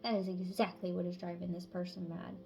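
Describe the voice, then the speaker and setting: A woman's voice: fairly low pitch, little pitch movement, fairly quick, creaky, dark tone. A woman reading tarot messages in a casual, chatty way, swearing freely and sometimes dropping to a whisper. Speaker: tarot reader.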